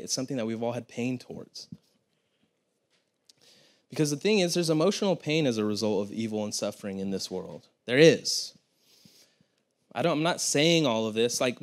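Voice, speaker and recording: A young pastor preaching with earnest, conversational energy. He keeps his pitch in a middle range and talks to the congregation in a casual, down-to-earth way. His delivery circles back on itself with restarts and asides. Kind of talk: sermon.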